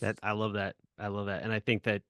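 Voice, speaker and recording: A man hosting a podcast interview, easygoing and quick to laugh, often backing up what his guest says. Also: lowish voice, level tone, a bit bright, no echo, clean studio sound. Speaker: podcast host. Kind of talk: casual interview chat.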